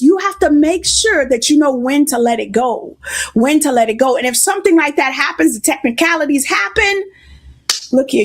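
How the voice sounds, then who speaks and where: High-voiced congested woman preaching. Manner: conversational, greets listeners by name. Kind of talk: sermon.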